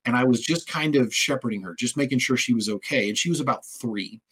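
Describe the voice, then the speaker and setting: Husky-voiced man telling stories. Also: medium pitch, brisk, a bit bright, poor audio. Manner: storytelling, conversational, acts out quoted speech. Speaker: host. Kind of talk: casual interview chat.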